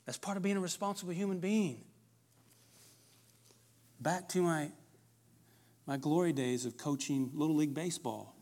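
A man's voice: on the high side, normal speed, long pauses, darkish tone. A middle-aged man giving a plain-spoken, emphatic talk to parents, often repeating words as he goes. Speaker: speaker on parenting. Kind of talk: preaching-style talk to parents.

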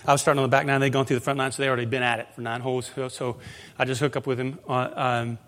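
A male pastor preaching a conversational sermon, moving into animated storytelling. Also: mid-range voice, rapid-fire.

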